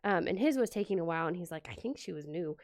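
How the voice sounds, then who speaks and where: Chatty woman with a gravelly voice. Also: on the low side, lively intonation, fast talker, a little mellow, no room sound, studio quality. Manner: chatty, many "like" fillers, acts out quotes. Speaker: planner vlogger. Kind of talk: casual storytelling while decorating a planner. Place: home, indoors.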